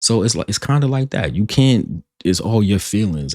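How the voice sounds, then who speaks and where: A man's voice: on the low side, big pitch swings, moderate pace, creaky, hardly any pauses, dry recording. A man hosting a reaction video, arguing emphatically and restarting his sentences as he makes his point. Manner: emphatic, repeats himself and restarts while arguing. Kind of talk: commenting on a played podcast clip.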